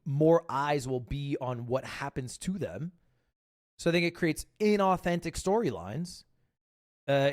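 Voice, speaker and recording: A man hosting a livestream, chatting casually in a rambling, joking way with quick asides. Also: medium pitch, a little mellow. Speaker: livestream host. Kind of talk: casual reaction-stream chat.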